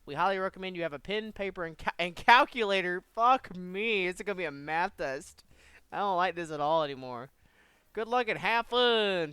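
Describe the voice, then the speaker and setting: A man's voice: fairly high pitch, sharp tone, clear, resonant tone, no echo. A young man giving casual, profane let's play commentary with joking, mumbled asides. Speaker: gamer.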